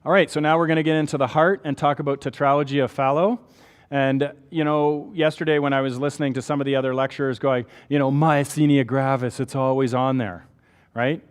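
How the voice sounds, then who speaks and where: A man's voice: medium pitch, steady tone, brisk, clean tone, in a large hall. A man with a Canadian accent giving a conversational medical lecture, explaining step by step and checking in with rhetorical questions.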